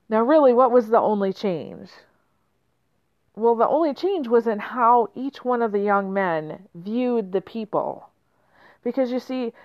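A woman's voice: on the high side, dry recording. A woman hosting a motivational podcast, speaking reflectively and telling a story to her listeners. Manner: reflective, with many fillers and restarts. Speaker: podcast host. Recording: slightly muffled lo-fi.

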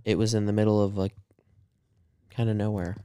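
Low-voiced young man chatting loosely. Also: level tone, fairly quick, mellow, clean tone, no echo, studio quality. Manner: rambling, laughs often, many fillers. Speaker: podcast co-host. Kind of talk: casual chat.

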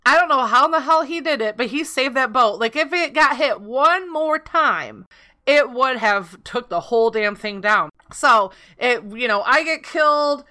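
Woman co-host, bright and animated, recounting game nights casually. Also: high-pitched, normal speed. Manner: animated storytelling with laughter. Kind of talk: casual gaming chat.

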